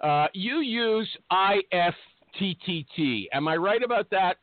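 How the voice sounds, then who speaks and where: A man hosting a casual panel chat, jokey, quickly steering the talk. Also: high voice, animated, dry recording. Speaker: podcast host. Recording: tinny phone-line audio.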